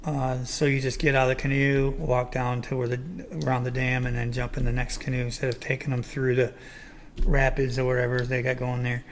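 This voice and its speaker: A man's voice: mid-range voice, completely flat delivery, brisk, slight background noise. An older man, hosting a casual chat show and rambling through his points with plenty of ums and restarts. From Michigan. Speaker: podcast host.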